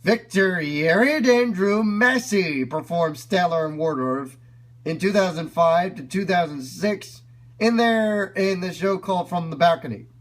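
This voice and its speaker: A man's voice: sits high, a little slow. A man giving casual, enthusiastic commentary over video clips, explaining as he goes. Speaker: video reviewer.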